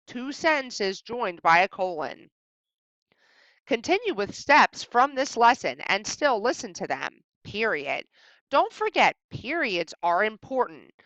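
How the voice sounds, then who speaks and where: A woman teacher narrating a recorded slideshow lesson, speaking expressively and pausing clearly at each punctuation mark. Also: a little high, dry recording, muffled recording. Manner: expressive, exaggerated pauses at punctuation. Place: indoors at home.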